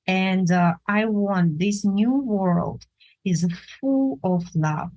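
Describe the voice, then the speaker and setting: A woman art instructor giving a drawing demonstration, pausing often to search for words and thinking aloud as she works. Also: on the low side, mellow, poor audio.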